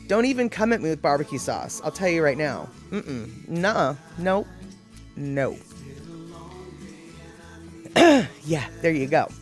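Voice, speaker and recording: Lively chatty woman host. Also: sits low. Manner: chatty, self-deprecating, opinionated. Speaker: live show host answering viewer comments. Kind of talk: casual chat.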